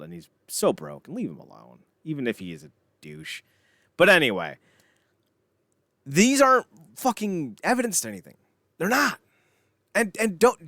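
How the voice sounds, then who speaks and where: A man co-hosting a casual wrestling podcast, ranting in an animated, sarcastic way with frequent swearing. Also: a little high, dry recording, studio quality. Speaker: podcast co-host.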